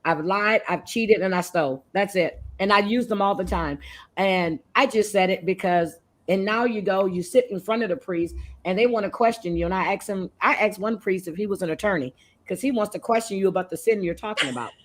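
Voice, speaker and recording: Middle-aged woman modding a stream, tells stories, laughs at her own jokes, average pitch. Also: a little fast. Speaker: chat moderator. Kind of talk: casual livestream chat.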